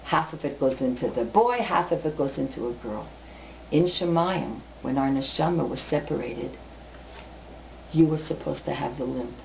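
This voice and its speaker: A woman voicing a humble young scholar who speaks quietly and earnestly in a told story. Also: a bass voice, normal speed, gravelly, a little hiss or hum, pitched below the performer's own voice. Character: humble, learned young man. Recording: muffled lo-fi recording.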